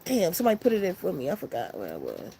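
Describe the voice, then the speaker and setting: A woman's voice: lowish voice, very fast, gravelly, a little hiss or hum. A woman casually telling a long story to her viewers, loose and profane, acting out the people in it. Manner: loose, profane, animated retelling with quoted voices.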